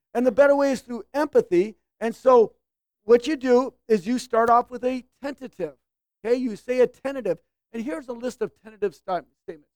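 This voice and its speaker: Recorded dry, this high-voiced woman preacher teaches through a conversational sermon. She keeps checking in with the audience and performs quoted lines in changing voices.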